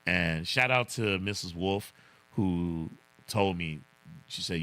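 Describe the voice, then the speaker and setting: A man's voice: low voice, slow pace, sharp tone. A man hosting a casual livestream, reading viewer comments in a laid-back way, chuckling often and saying "man" a lot. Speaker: livestream host.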